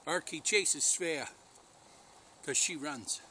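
A man's voice: on the high side, lively intonation, measured pace, bright, forceful tone, slight background noise. A man who breeds dogs, talking casually to the camera outdoors in the snow while calling his dogs over. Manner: calls and coaxes dogs in between talking to the camera. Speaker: dog breeder. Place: outdoors at a kennel in light snow. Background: dogs barking.

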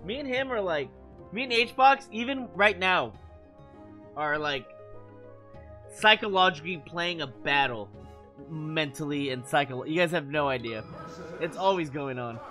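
A man's voice: fairly high pitch, unhurried, pauses often, soft background music. A man chatting casually with his stream chat, cursing freely and laughing often. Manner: animated, profane, laughs often. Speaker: gaming streamer.

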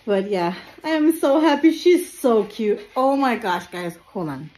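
A woman in her forties talks to her camera at home, chatty and gushing, slipping into fond baby talk with her dogs. Her voice sits a little high and her pace is unhurried and drawn out. The delivery is relaxed, everyday vlog chat. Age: 40s. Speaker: lifestyle vlogger.

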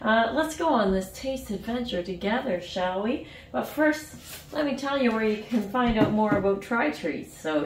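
A woman's voice: mid-range voice, slight background noise. A woman vlogger chatting casually to camera, bubbly and giggly, losing track of numbers as she goes. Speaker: vlogger reviewing a snack box. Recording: roomy echo, mic set at a distance.

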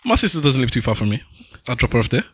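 Animated man telling stories. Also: mid-range voice, very fast, no echo. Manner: animated storyteller. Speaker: podcast co-host. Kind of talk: casual chat.

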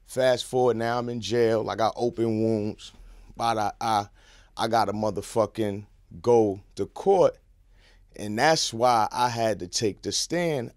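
New man, podcast guest, close dry studio mic, lively storytelling, hushed to shouting. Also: fairly low pitch, no echo. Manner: animated, swings from hushed to shouting. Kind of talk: casual storytelling.

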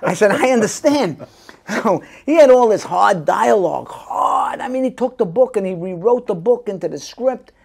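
A middle-aged man with a gravelly, husky voice, chatting as a guest actor. He tells his stories with energy and slips into the voices of the people he quotes. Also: high-pitched, normal speed, hardly any pauses. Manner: animated storyteller acting out quoted voices. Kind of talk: casual storytelling interview.

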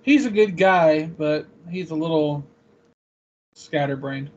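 Relaxed man, a convention vendor. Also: a little high, slow pace. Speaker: interview guest, convention vendor. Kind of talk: casual interview chat. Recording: dull lo-fi sound.

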